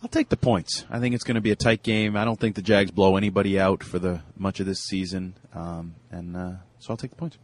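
A man's voice: deep voice, flat delivery, brisk, hardly any pauses, dry recording. A man on a sports talk panel who makes picks with blunt verdicts and teases the other panelists. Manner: blunt, teasing, short verdicts. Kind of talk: casual sports panel chat.

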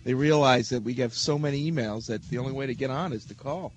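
A man's voice: medium pitch, fast. A man hosting a casual web radio talk show in an upbeat, promotional manner.

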